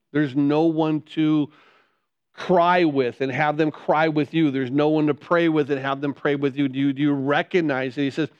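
Male pastor, sermon delivery, smooth resonant tone, dull lo-fi sound. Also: fairly high pitch. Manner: earnest, repeats words and restarts, drops to quiet emphasis.

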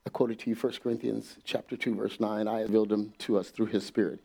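A man preaching a sermon in a church, animated and laughing often, acting out quotes and dropping to a whisper at times. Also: fairly low pitch, quick pace, vocal fry, breathy edge.

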